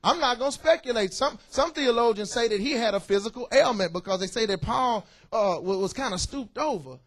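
Preacher, male, high and animated, playful call-and-response sermon style. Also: fairly quick. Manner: lively, joking preaching with call-outs to the congregation. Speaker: pastor. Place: church.

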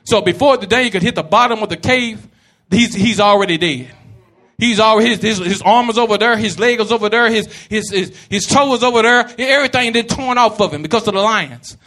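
Brief: male preacher, very high voice, bright and forceful, shouts in repeating rhythmic bursts. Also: a little fast. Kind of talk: sermon.

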